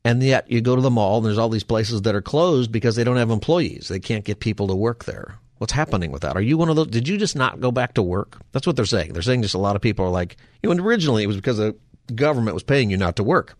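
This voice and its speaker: A man's voice: fairly low pitch, expressive, fast, no room sound, clean studio sound. A man hosting a call-in radio talk show, rambling through topics with wry, folksy asides. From Southern California. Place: radio studio.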